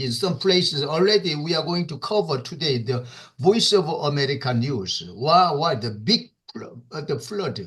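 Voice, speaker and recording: A man with a Korean accent teaching an English class online. He repeats words often, fills pauses with "uh", and checks in with "okay?". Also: a little high, fairly bright tone. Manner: slow, repeats words, many fillers, asks "okay?".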